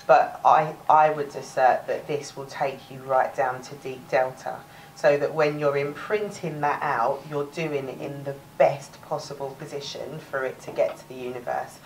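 A woman's voice: rumbling low, fairly even intonation, moderate pace, recorded from a distance, slight background noise, low-quality recording. A woman with a Cockney accent teaching a live workshop, chatty, restarting words and laughing often. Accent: London Cockney. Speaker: workshop presenter.

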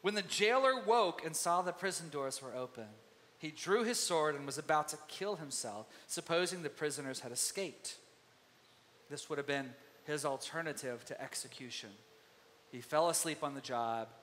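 A man preaching with a high, bright voice that carries through a long hall reverb. He is animated and talks to the congregation the way one talks to friends, and he acts out the voices of biblical figures. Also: moderate pace, slight background noise. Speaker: pastor. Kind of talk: sermon. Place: church sanctuary.

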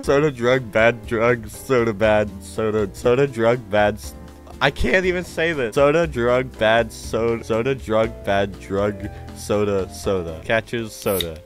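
A tired young man casually commentating a live game stream, playful and excitable, with frequent gasps and laughs. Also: mid-range voice. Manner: excitable, playful, frequent gasps and laughs, jumps between loud squeals and mumbling.

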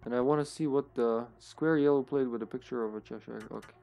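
A man streaming a horror game, talking casually to himself as he plays, often trailing off into quiet mutters. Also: medium pitch, fast, creaky, soft background music. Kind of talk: casual gameplay commentary.

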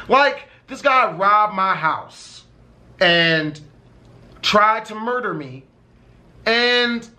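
High, bright-voiced young man, swearing. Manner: profane, emphatic, swears constantly. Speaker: vlogger telling a personal story. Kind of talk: casual story time.

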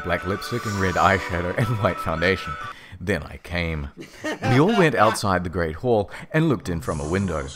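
Deep-voiced deadpan man narrating. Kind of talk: comedic dramatic reading.

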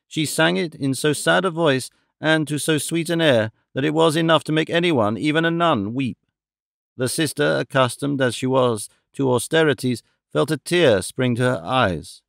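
A man narrating a classic novel as an audiobook in a measured, expressive reading. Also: on the high side, vocal fry, dry recording, clean studio sound. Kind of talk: scripted narration.

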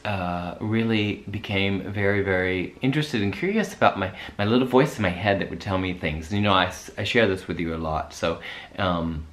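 A man's voice: sits low, normal speed, a bit bright. A man giving a reflective spiritual talk, rambling and searching for words with many restarts. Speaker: host. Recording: echoey room.

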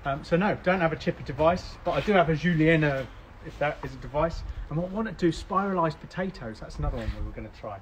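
Male cooking host, chatty and a bit rambling, voice on the higher side, light background hiss. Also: animated, fast, rough recording. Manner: chatty, rambling, many ums. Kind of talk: casual live cooking chat. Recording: faint background noise.

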